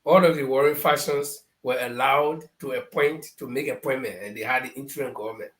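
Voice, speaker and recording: A man's voice: mid-range voice, steady tone, fairly quick, a bit bright, roomy sound, low-quality recording. A middle-aged Liberian man on a talk show, telling political anecdotes and acting out the people he quotes. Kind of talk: storytelling political commentary.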